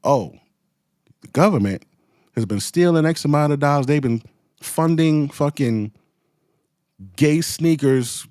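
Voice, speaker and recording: A man's voice: fairly high pitch, a little slow, long pauses, a little mellow, no room sound, studio quality. A man giving a heated, profane commentary rant full of slang, as the show's host. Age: adult with children. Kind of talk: ranting commentary.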